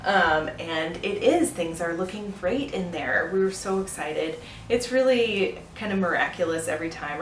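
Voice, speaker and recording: A woman's voice: fairly low pitch, echoey room, far from the mic, slight background noise, low-quality recording. A young woman chatting casually in a vlog, often laughing and filling her speech with "like" and "um". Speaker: pregnancy vlogger.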